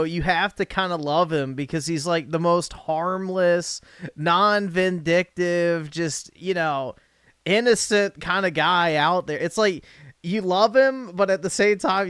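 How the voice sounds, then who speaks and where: A man's voice: on the high side, clear, resonant tone, dry recording, studio quality. A man hosting a livestream, giving loose, profane reaction commentary and laughing between remarks. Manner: laughing, profane, animated asides. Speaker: livestream host reacting to a clip.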